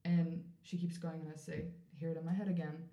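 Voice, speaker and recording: Lower-voiced woman telling a story, roomy sound. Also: fast talker, dull audio. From South Africa. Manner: animated, acts out quoted voices, frequent "like" fillers. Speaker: podcast guest. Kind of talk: storytelling in a casual interview. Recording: roomy echoey room.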